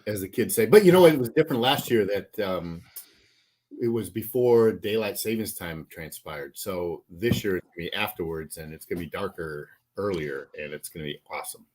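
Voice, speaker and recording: A man's voice: sits low, moderate pace, a little mellow. A man guest on a sports podcast, talking in casual chat with a hyped, joking manner and easy laughs.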